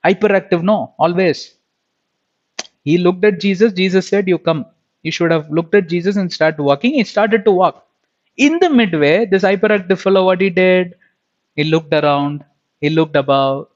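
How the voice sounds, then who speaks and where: A man teaching a Bible lesson in sermon style, talking emphatically with rhetorical questions and repeated phrases. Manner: emphatic, rises in pitch and volume when stressing points. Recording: dull lo-fi recording.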